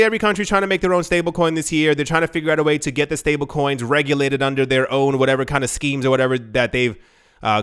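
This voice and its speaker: A man hosting his own channel with casual news commentary. He is excitable and sarcastic and says "like" a lot. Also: mid-range voice, clear, resonant tone. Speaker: show host.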